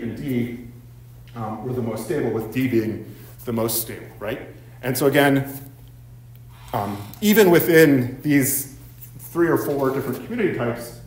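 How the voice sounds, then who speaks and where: A man's voice: medium pitch, a little mellow. Man lecturing in an echoey room. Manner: frequent ums and tag questions of "right?". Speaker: university professor giving a seminar. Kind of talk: academic seminar lecture. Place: university seminar room.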